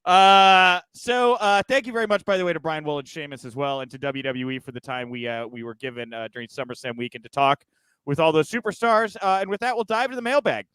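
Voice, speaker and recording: A man's voice: fairly high pitch, fast, fairly bright tone, clear, resonant tone, dry recording. A man hosting a news podcast in casual chat, with joking, sarcastic asides. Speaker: podcast host.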